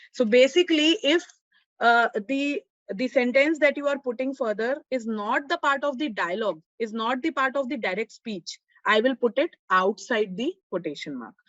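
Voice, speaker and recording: A woman with a fairly high, somewhat bright voice leads a live online grammar lesson, explaining step by step and checking in with her students. She uses frequent fillers and restarts; the audio is dull and lo-fi, with no room sound.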